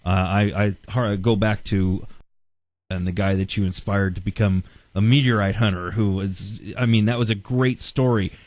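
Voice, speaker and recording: A man's voice: lowish voice, steady tone, normal speed, a little mellow, dry recording. A man hosting a podcast interview, asking questions and laughing along. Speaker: podcast host.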